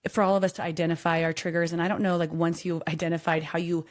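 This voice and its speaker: A woman in her thirties co-hosting a podcast, telling a story with animated acted-out voices. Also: fairly low pitch, fast talker. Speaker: podcast co-host. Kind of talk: casual chat.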